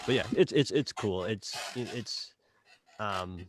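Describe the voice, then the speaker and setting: A man with a Boston accent co-hosting a casual podcast chat, halting and full of fillers as he sums up a game. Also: lowish voice. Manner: halting, many fillers and restarts. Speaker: podcast co-host reviewing a game.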